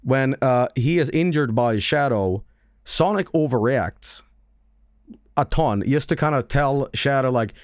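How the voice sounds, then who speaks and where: A man's voice: medium pitch, expressive, moderate pace, no echo, clean studio sound. A man streaming casual chat, rambling and stammering with lots of swearing and laughing.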